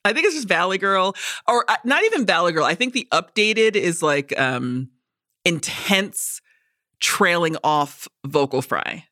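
A woman's voice: on the low side, lively intonation, measured pace, sharp tone, no echo, clean studio sound. Chatty woman with a slight New York accent. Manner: chatty, laughs often, many fillers. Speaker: podcast co-host. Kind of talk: casual chat.

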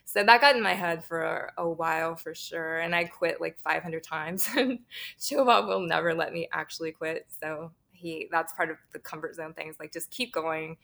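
Lowish gravelly woman chatting as a guest, laughs a lot, swears casually. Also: unhurried, pushed and bright. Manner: candid, laughs often, swears freely. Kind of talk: casual interview chat.

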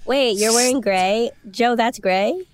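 A woman's voice: fairly high pitch, unhurried. A woman co-hosting a podcast in casual chat, sounding nasal from a sinus infection, chatty and teasing with frequent restarts. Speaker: podcast co-host.

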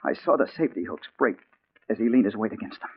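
A man's voice: fairly low pitch, expressive, fast talker, husky. A man playing a hard-boiled male crime reporter in a 1940s radio drama, narrating and talking in an urgent, anxious way. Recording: tinny old 1940s radio broadcast.

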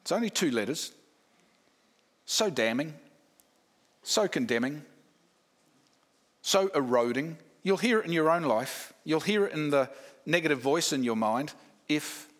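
A man's voice: on the high side, expressive, measured pace, long pauses. A man preaching a sermon, emphatic, building points with repeated lists and rhetorical questions. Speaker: pastor.

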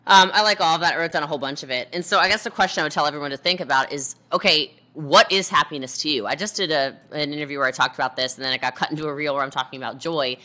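Her low, sharp voice races along with hardly any pauses as she talks energetically and emphatically as a guest entrepreneur on a motivational chat show, giving voice to those she quotes.

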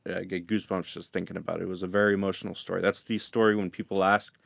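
Gravelly low-voiced man telling a story. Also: level tone, rapid-fire, dry recording. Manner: earnest, emotional, laughs softly. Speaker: guest, fathers' hair class teacher. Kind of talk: storytelling in interview.

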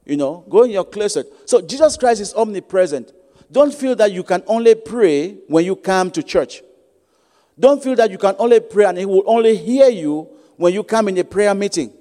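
A man's voice: high-pitched, expressive, moderate pace, mellow. A man preaching a sermon as guest preacher, repeating key phrases for emphasis. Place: church sanctuary. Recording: long church reverb.

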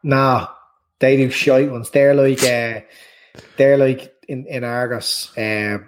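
A man's voice: mid-range voice, flat delivery, takes it slowly, a little hiss or hum, low-quality recording. A man with an Irish accent co-hosting a podcast, rambling and hesitant in casual chat, swearing freely. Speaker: podcast co-host.

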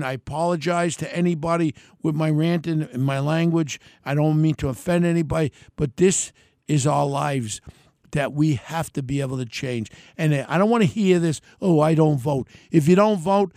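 A middle-aged man from New York hosting his own podcast, ranting bluntly in working-class slang with a gravelly voice. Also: a little high, darkish tone, dry recording, clean studio sound. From New York City. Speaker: podcast host. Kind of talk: solo podcast rant.

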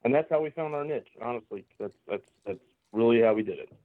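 A man's voice: mid-range voice, animated, fast talker, dry recording. A man from Southeast Pennsylvania chatting as a podcast guest, earnest and rambling, circling back through restarts. His voice sits mid-range and comes through a thin, phone-like line with a dry, close sound. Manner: earnest, rambling, many restarts and "you know"s. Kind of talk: casual chat. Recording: tinny phone-like call line.

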